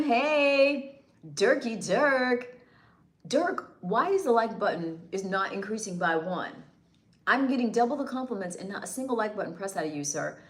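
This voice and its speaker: A woman from the northeastern United States hosts a livestream, reading comments and chatting casually with viewers. Her medium-pitched voice sounds reverberant as she teases them playfully and laughs often.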